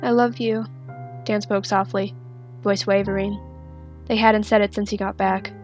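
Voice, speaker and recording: A woman narrating a fanfiction story in a steady, soft-spoken reading. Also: mid-range voice, moderate pace, soft background music. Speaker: fanfiction reader.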